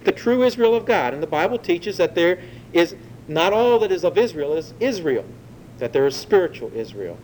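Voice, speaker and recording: Animated preacher, man, pitch rising with emphasis. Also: normal speed, slight background noise, rough recording. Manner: animated, rising emphasis when quoting scripture. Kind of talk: sermon.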